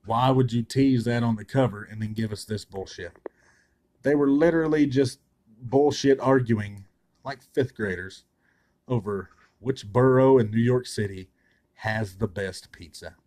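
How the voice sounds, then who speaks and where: A man's voice: mid-range voice, a little slow, a little mellow. A man reviewing a comic in a casual, sarcastic and blunt way, swearing freely.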